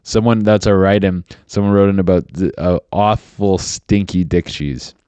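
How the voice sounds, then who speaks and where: Young male podcast host, low voice, rambling and profane, dry close mic. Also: fairly even intonation, normal speed, mellow, clean tone, dry recording. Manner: rambling, profane, many fillers. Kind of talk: casual solo podcast chat.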